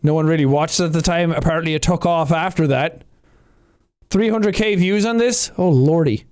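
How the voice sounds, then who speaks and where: An Irish man reacting to his own old gaming videos in casual commentary, animated with loud playful outbursts. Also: on the high side, moderate pace, smooth.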